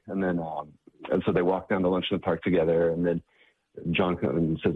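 A man being interviewed as a charity staff member, speaking in a halting way and repeating words, heard over a tinny phone-like line. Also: sits low, fairly even intonation, breathy edge. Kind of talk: interview conversation.

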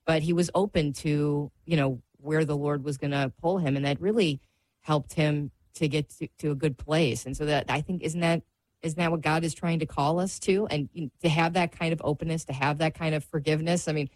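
Low-voiced earnest female radio co-host. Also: fairly even intonation, normal speed, darkish tone, no echo. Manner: earnest, reflective. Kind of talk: faith radio talk.

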